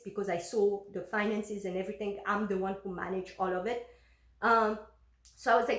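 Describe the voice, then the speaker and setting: A woman's voice: mid-range voice, normal speed. A woman telling a personal story in a casual, chatty way, recorded in an echoey room. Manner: chatty, lots of fillers and restarts. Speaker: vlogger.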